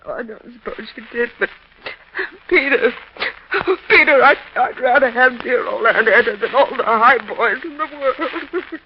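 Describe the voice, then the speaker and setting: An actress playing a timid, gushing sister with a plaintive, fluttery manner, in a 1930s radio drama. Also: female voice, a little high, measured pace, a little hiss or hum, close to an everyday voice. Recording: dull lo-fi 1930s radio recording.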